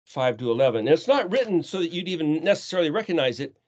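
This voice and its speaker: Earnest guy teaching scripture, kinda high voice, dull lo-fi audio. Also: sing-song, fast, a little mellow. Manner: earnest, rhetorical questions, restarts. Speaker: teacher of a scripture study call. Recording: dull lo-fi sound.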